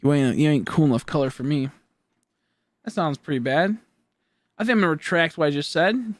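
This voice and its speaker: A man's voice: fairly high pitch, brisk, no room sound. A young man chatting on a gaming live stream, tired and goofy, with silly joking banter. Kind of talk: casual live-stream chat.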